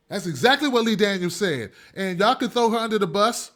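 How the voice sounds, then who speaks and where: Man, show host, high-pitched voice, emphatic ranting commentary, repetitive. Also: lively intonation, fairly quick, fairly bright tone. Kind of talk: opinion commentary monologue.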